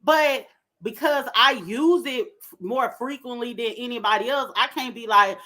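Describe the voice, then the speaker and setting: A woman giving an animated, opinionated commentary rant with lots of slang. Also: on the high side, normal speed. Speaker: commentary vlogger.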